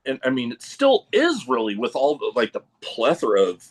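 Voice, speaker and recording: A man's voice: medium pitch, wildly swooping pitch, moderate pace. A man hosting a podcast, asking long, rambling questions with many restarts. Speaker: podcast host. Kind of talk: interview questions.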